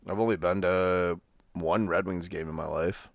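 A man's voice: low-pitched, fairly even intonation, normal speed, no echo. A man co-hosting a podcast, chatting casually about sports in a rambling, profane, laid-back way. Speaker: podcast co-host.

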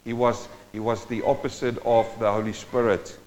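A male preacher giving a sermon, moving between quiet teaching and loud, impassioned exhortation and speaking straight to his listeners. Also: mid-range voice, flat delivery, moderate pace. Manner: addresses the congregation directly. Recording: dull sound with long hall reverb.

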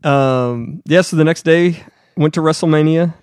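In studio-quality audio with a clean tone and no room sound, a man speaks at normal speed while co-hosting a podcast. He shares a story in casual chat, bringing the quotes to life with animated pitch jumps.

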